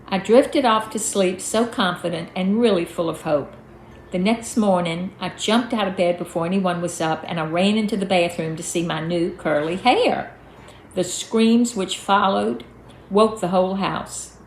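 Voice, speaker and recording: A woman's voice: mid-range voice, unhurried, slight background noise. A woman reading her own memoir aloud in a folksy storytelling manner. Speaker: storyteller, author. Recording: echoey room, faint music.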